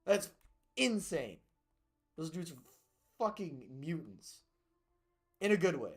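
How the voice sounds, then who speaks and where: A man's voice: on the high side, big pitch swings, takes it slowly. Chatty young man telling rambling stories. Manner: rambling, profane storytelling. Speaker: streamer. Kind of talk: casual chat while gaming.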